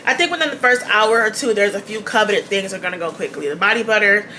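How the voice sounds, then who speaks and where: A woman's voice: mid-range voice, quick pace, pushed and bright, a little hiss or hum. A woman hosting her own channel, chatting casually to the camera, repeating her key points and laughing often. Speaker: beauty channel host.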